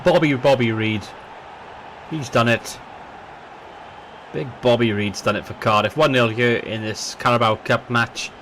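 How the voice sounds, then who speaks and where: A male gaming host with a mid-range voice calls a football match for his viewers in a let's play, chatting to them directly. A little hiss or hum sits under the recording, and his excitable voice shoots up when someone scores.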